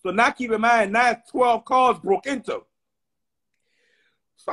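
A man telling a dramatic story to his viewers in a loud, slangy rant that bursts into shouting. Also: extremely high pitch, a little slow, pauses often.

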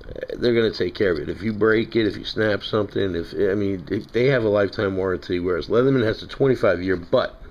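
A man's voice: lowish voice, fast, a little mellow, muffled recording. A man with a New York accent, chatting casually and rambling as he reviews knives from his collection. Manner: rambling, chatty, self-correcting.

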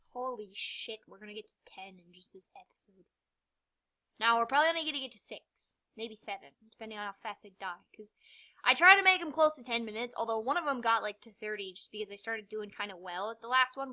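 Young woman rambling over a game, swears a lot, mocks herself, really bright slightly high voice. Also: animated, a little fast. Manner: rambling, self-mocking, swears often, sudden loud yelps and muttered asides. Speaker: gamer. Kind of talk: let's play commentary.

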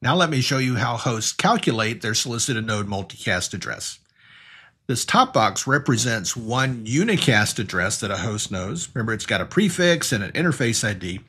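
Male instructor, husky, mid-pitched, steady explanatory delivery for a technical course. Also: normal speed. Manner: explanatory, talks through diagrams step by step. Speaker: networking instructor. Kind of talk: recorded technical lesson.

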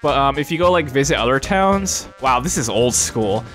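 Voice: mid-range voice, lively intonation, normal speed, fairly bright tone, soft background music. A host giving casual, jokey commentary while playing a video game. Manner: chatty, jokey, with many fillers. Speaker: let's play host.

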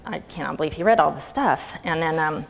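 Casting: middle-aged woman, low gravelly voice, snarky and chatty, speaking in a reverberant hall. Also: expressive, fairly quick. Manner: chatty, sarcastic, laughs often. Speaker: conference speaker. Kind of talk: conference talk. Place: lecture hall. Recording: reverberant hall with faint ambient noise.

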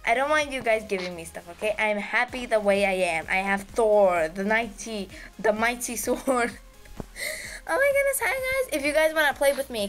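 In a high-pitched voice, a woman runs her gaming channel with bubbly, casual play-by-play, breaking into giggles and delighted squeals.

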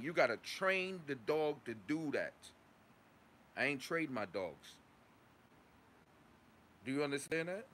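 A man's voice: mid-range voice, fairly bright tone, slight background noise. A man from Long Island, a dog kennel owner ranting in a casual vlog, profane and heated, tagging lines with "right?". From Long Island, New York. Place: at work, outdoors.

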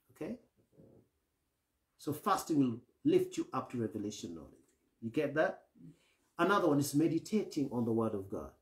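Animated man preaching in an echoey hall. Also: a little high. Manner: asks the congregation for assent often; acts out grumbling voices to illustrate. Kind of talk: sermon.

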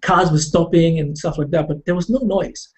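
A man telling a personal story in a halting, reflective way, with many fillers and restarts. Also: a little high, steady tone, slightly rough, poor audio.

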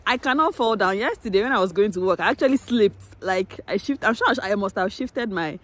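A woman's voice: medium pitch, lively intonation, a little fast, fairly bright tone. A woman, chatting casually to her viewers in a vlog and laughing often, recorded outdoors in winter on a phone. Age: 30s. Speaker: vlogger. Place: outdoors in winter, streets and snow.

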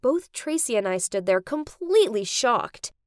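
A young woman giving dramatic scripted narration for an animated story. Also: on the high side, normal speed, dry recording, studio quality.

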